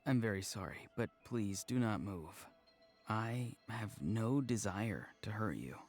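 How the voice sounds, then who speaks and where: An actor voicing a calm, polite, soft-spoken young man in a video game, with a languid, aloof delivery. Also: lowish voice, measured pace, soft background music. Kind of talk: game voice acting.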